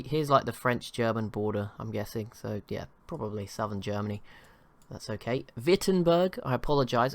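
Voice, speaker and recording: A young man giving casual commentary on a strategy game, rambling and often correcting himself. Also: medium pitch. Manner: rambling, self-correcting, apologetic. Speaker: gaming channel host.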